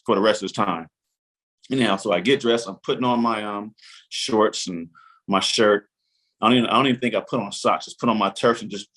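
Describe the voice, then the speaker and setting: A man in his forties telling a long story as a podcast guest, acting out his own inner voice and the lines of others. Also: fairly low pitch. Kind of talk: animated storytelling.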